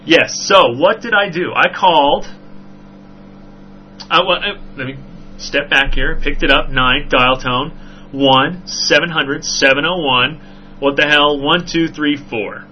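A man hosting a podcast, telling a story in a rambling, animated way with frequent "right?" asides. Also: fairly high pitch, a little slow. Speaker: podcast host. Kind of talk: casual storytelling chat. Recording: dull lo-fi recording with faint hum.

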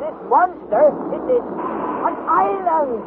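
An actor playing a calm, loyal Icelandic guide in an old radio drama, speaking with an Icelandic accent. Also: male voice, extremely high pitch, takes it slowly, heavily acted. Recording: tinny old radio broadcast with hiss.

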